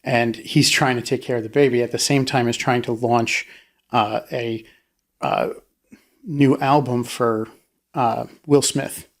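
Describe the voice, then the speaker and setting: A man with a gravelly, creaky voice talks loosely through a podcast discussion. He retells stories with lots of restarts and fillers, and jumps up high when he acts out a line. His pitch sits in the middle range. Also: fairly even intonation, measured pace. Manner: rambling, many restarts, acts out quotes in a high voice. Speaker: podcast co-host. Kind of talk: casual discussion.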